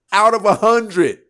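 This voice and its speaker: An American man hosts a livestream, casually commenting and reacting to viewer comments, talking back to chat with bursts of laughter. His voice is high with a sharp tone.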